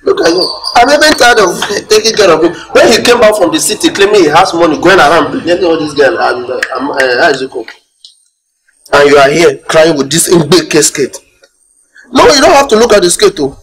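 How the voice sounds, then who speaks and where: An actor with a Nigerian accent playing a scornful, mocking relative who scolds. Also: male voice, fairly high pitch, lively intonation, a little fast, background noise.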